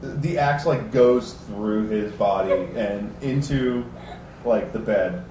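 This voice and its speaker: A man's voice: on the low side, slow. A man narrating as game master of a tabletop game, rambling with many fillers. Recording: roomy, distant, faint noise.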